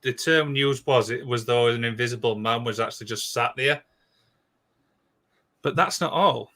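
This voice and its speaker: A man co-hosts a relaxed podcast, telling an eerie missing-person story. His voice is bright and lively, and he rushes along, restarting phrases and leaning on "obviously.". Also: mid-range voice. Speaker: podcast co-host. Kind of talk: casual storytelling chat.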